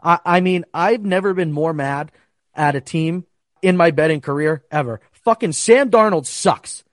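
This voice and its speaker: A man's voice: a little high, moderate pace, no echo, studio quality. A young man hosting a casual sports betting talk, ranting heatedly and swearing often. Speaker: sports betting podcast host.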